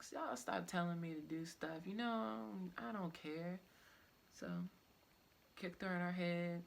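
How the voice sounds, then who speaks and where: With a low, creaky voice and a bit of background noise, a young woman recounts something that happened to her. Her telling is casual and wandering, sprinkled with "like" and "I'm like."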